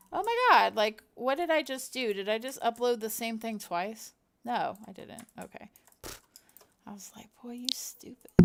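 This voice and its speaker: A woman's voice: fairly high pitch, background noise. A middle-aged woman at home chatting casually to her viewers as she works, rambling and talking to herself with many fillers. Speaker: content creator. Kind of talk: casual chat while working on a computer. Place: at home, with her cat nearby.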